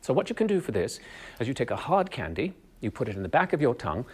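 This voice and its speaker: A man with a Canadian accent, a drama professor giving a clear, measured video lesson that explains and demonstrates speech sounds. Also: mid-range voice, sing-song. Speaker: drama professor teaching voice and dialects.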